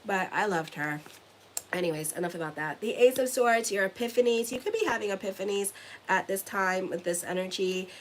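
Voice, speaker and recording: A woman's voice: medium pitch, brisk, a little hiss or hum, rough recording. A woman giving a casual tarot reading to her viewers, rambling and chatty, often ending lines with "okay?". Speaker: tarot reader and astrologer.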